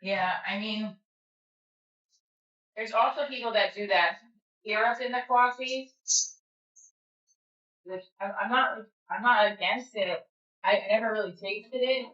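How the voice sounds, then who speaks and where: A New Jersey woman with a New Jersey accent hosts a livestream from home on her phone camera, chatting casually and rambling with plenty of fillers. Her mid-range, fairly bright voice is measured, with long pauses, and the audio sounds dull.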